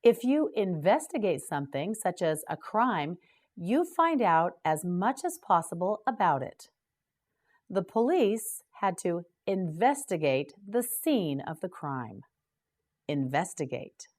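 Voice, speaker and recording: A woman hosting a scripted English vocabulary lesson, slowly and clearly drilling each word for learners to repeat. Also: on the low side, big pitch swings, a little mellow. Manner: slow, clear drilling of words. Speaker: English teacher and host.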